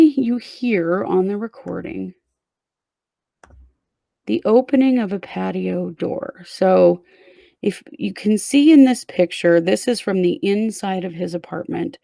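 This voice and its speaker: A woman's voice: mid-range voice, vocal fry, mellow, no room sound. A woman hosting a true crime show, casually walking her co-host through a case step by step. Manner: conversational, recounts events step by step.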